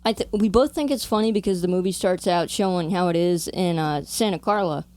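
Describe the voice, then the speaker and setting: A woman's voice: lowish voice, a little fast, darkish tone. Rambling woman podcaster from New Jersey. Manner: rambling, tangent-prone, lots of "like". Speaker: podcast co-host. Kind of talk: casual chat.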